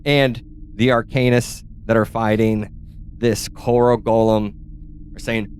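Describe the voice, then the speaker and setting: Low-voiced man running a tabletop game. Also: level tone, unhurried, a little mellow, a little hiss or hum. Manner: descriptive, searches aloud for words. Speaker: game master.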